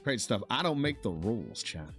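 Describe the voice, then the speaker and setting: A man's voice: medium pitch, sing-song, moderate pace, fairly bright tone, husky, soft background music. A man chatting casually on a livestream, rambling and repeating himself as he complains about being targeted. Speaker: streamer in a played clip. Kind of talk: casual live-stream chat.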